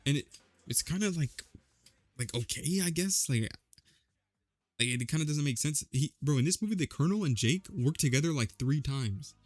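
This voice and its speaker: A man's voice: a little high, expressive, normal speed, dry recording, faint music behind. A young man casually recapping a movie, rambling with lots of slang and fillers. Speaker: vlogger.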